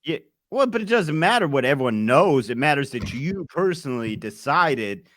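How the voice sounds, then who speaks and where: A man's voice: a little high, very animated, normal speed, fairly bright tone, no room sound, studio quality. A man co-hosting a podcast, chatting casually and asking earnest follow-up questions. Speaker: podcast co-host. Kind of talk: casual chat.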